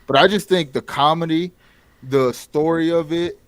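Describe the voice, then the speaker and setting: A man co-hosts a casual pop culture chat. He talks with excitement, laughs often, and readily jumps into the conversation. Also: fairly high pitch, moderate pace, low-quality recording. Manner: excited, laughing, quoting scenes. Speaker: co-host.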